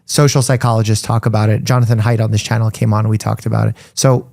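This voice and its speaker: A man hosting an interview, asking measured, analytical questions. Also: on the low side, little pitch movement, vocal fry, darkish tone, no room sound, clean studio sound. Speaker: interviewer and host.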